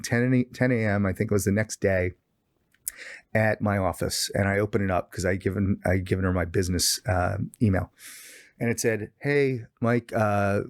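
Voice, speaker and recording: A fairly low-pitched middle-aged man comes through on a dry, clean studio recording. Chatting casually as a podcast guest, he tells a lively story, performing the quoted lines loudly.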